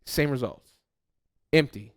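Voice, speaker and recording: A pastor preaching a sermon to his congregation. He talks to them directly in a conversational, animated way and acts out people's replies. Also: medium pitch, slow.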